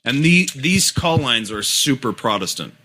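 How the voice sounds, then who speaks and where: Bright-voiced man chatting on a podcast. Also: medium pitch. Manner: animated, quick to laugh, talks over others. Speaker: podcast co-host. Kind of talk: casual chat.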